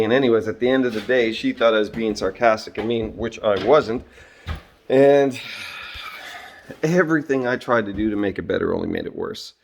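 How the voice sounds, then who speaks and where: A middle-aged man telling a story and reflecting on it in a casual monologue, with lots of fillers and throat-clearing. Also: lowish voice, a little hiss or hum. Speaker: vlogger and job-site supervisor.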